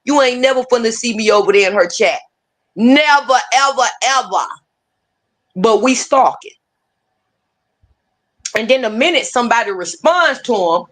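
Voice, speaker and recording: A woman's voice: a little high, animated, normal speed, a bit bright. A woman hosting a livestream, ranting casually with heated, profane, repetitive talk. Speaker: livestream host.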